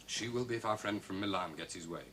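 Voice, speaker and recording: An actor playing an unflappable gentleman detective, cool and dryly ironic, probing with questions in a 1970s TV crime drama. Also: on the low side, quick pace, a little hiss or hum, natural voice. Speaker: amateur detective.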